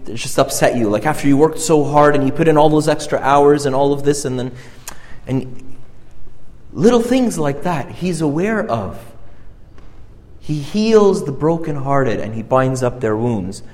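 A man preaching a conversational sermon, earnest and halting, often repeating and restarting his phrases. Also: a little high, expressive, a little mellow. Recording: reverberant hall.

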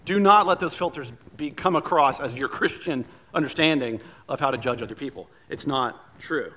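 A man's voice: mid-range voice, moderate pace, sharp tone. A man preaching a sermon as pastor, telling stories in a conversational way with light humor.

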